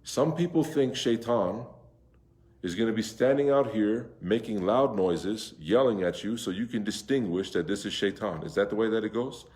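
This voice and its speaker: A man leads a class on Quran recitation, stretching out Arabic words and checking back with his students. His voice sits low and mellow. The room around him is echoey. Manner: explains slowly, drawing out Arabic words and asking the class questions. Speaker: imam teaching Quran recitation. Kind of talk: interactive class lesson.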